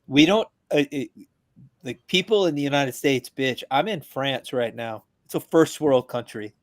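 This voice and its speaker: A veteran calling in to a podcast, talking casually in an animated, joking, profane rant. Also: male voice, medium pitch, moderate pace, no room sound, clean studio sound. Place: abroad, remote from the hosts.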